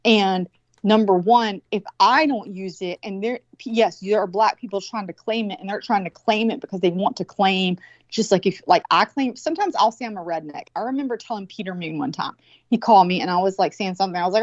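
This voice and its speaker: A woman with a Southern US accent talks in blunt, profane, rambling bursts, mid-pitched for a woman. Her voice is dry and close, with a dull, lo-fi sound. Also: brisk, no room sound. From American South. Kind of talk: casual chat.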